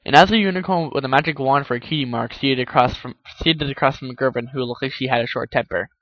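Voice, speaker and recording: A man's voice: medium pitch, quick pace, dull audio. A man reading fan fiction aloud in a casual way, often stumbling and correcting himself. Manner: stumbles, self-corrects, laughs at the text. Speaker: narrator.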